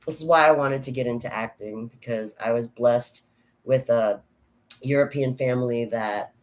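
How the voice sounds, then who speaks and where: A woman's voice: a bass voice, normal speed, slight background noise. A woman vlogger talking casually and frankly, rambling between thoughts and often laughing at herself. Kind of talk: casual personal chat.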